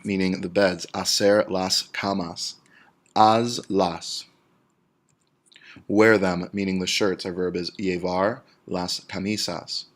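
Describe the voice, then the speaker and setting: Low-voiced man teaching a grammar lesson. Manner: explains step by step, slows down on example words. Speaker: Spanish teacher.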